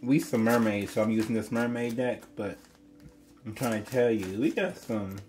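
A man reads tarot cards for his viewers in a loose, chatty way. He exclaims often and lets out sudden high-pitched squeals between calmer stretches. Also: normal speed, soft background music. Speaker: tarot reader. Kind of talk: casual tarot reading to viewers.

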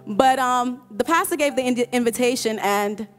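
Her voice a little high, a choir member offers heartfelt testimony at church while faint music plays. She falters, restarts, repeats words, and frequently bursts into laughter.

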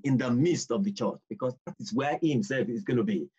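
A man teaching a bible study, emphatic and repetitive, reading scripture slowly and deliberately. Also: mid-range voice, dark tone, slightly rough. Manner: emphatic, repeats key points, reads scripture slowly. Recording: dull lo-fi recording.

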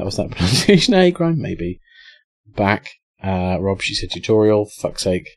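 A man's voice: sits low, no room sound. A young English man streaming a game, chatting casually, swearing and reading out chat. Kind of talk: casual live-stream commentary.

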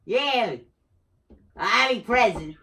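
Animated, joking let's play commentator. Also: mid-range voice, drawn-out words, vocal fry. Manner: excitable, jokey, talks to himself while playing; screams now and then. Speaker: gamer.

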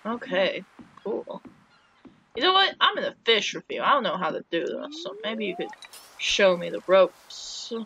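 A woman's voice: mid-range voice, big pitch swings, a little slow, a bit bright. A woman giving casual let's-play commentary, chatty and wry, with joking asides as she plays. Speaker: game player. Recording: dull lo-fi with faint hiss.

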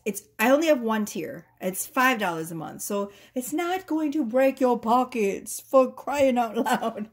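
A woman tarot reader chatting casually with viewers, giggly, playful and sassy, laughing often. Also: high-pitched. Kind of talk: casual tarot reading chat.

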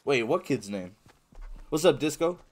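A male livestreamer reads viewer chat aloud and answers it while playing, in a casual, slangy way full of "bro" and "man". His medium-pitched voice is animated, slightly mellow and measured in pace, with a little hiss or hum present.

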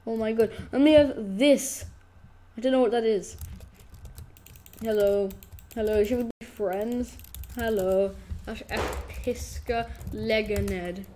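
Gushing high-voiced young woman gamer. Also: a little slow, darkish tone. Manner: gushing and overexcited, constant exclamations, panicky squeals. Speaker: gaming YouTuber. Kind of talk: comedic gameplay commentary playing a clueless newbie.

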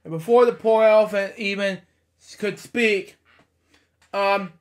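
A man's voice: high-pitched, steady tone, takes it slowly. A man reading a children's picture book aloud, stumbling over words and breaking off for chatty side comments. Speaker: storybook reader.

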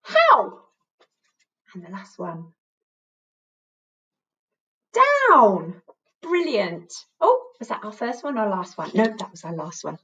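A woman teaching a phonics lesson to young children, animated and sing-song, praising them often. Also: mid-range voice, normal speed, few pauses, recorded from a distance, highs cut off. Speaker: primary school teacher.

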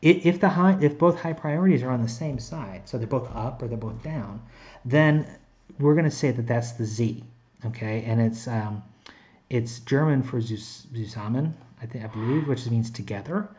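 A man's voice: mid-range voice, normal speed, a little mellow. A man teaching a recorded chemistry lecture in a conversational way, with frequent fillers and restarts. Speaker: chemistry instructor.

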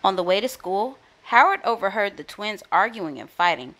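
Lively, bright-voiced woman reading aloud. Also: medium pitch, normal speed. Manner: lively, expressive. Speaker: storyteller. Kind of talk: children's read-aloud.

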